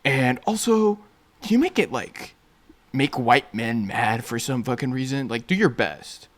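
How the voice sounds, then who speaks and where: A man putting on the voice of a clueless male show writer, pleading with a chatbot in a halting way full of fillers. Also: medium pitch, expressive, close to an everyday voice.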